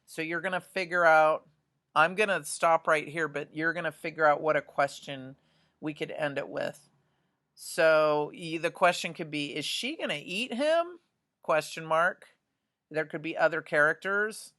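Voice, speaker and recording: A woman's voice: low voice, steady tone, measured pace, fairly bright tone. A woman art teacher talks students through a drawing demonstration, chatty and often checking in with "right?".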